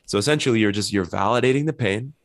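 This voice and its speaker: A middle-aged man with a very low voice talks as an interview guest. He is a couples therapist and explains his advice earnestly, step by step, with worked examples. The sound is dry and close, with no room around it. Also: quick pace, dry recording.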